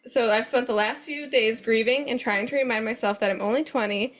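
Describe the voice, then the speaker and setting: A woman co-hosting a podcast, reading forum posts aloud with an animated, laughing manner. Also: on the high side, brisk. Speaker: co-host.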